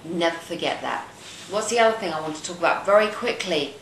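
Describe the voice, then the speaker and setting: A woman's voice: on the low side, fairly quick. A woman from London with a Cockney accent, ranting bluntly to her viewers and swearing casually. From London, England. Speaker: video blogger. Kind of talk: ranting to camera. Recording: echoey room, faint ambient noise.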